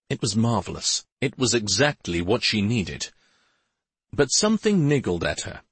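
Low, husky male audiobook narrator. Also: a bit bright, no echo. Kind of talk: scripted fantasy narration.

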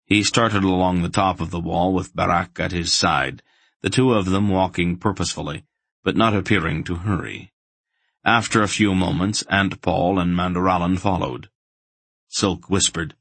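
A male audiobook narrator reading fantasy in a measured, deliberate way. His voice is very low and gravelly, with a husky grain. The sound is close and dry. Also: fairly even intonation, a bit bright, dry recording.

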